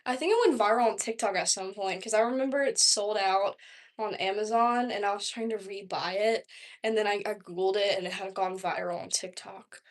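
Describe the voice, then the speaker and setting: Young woman, Southern accent, casual livestream chat, rambling, filler-heavy, mid pitch. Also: brisk. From Texas, US. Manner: rambling, chatty, lots of "like" and "um". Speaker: vlogger.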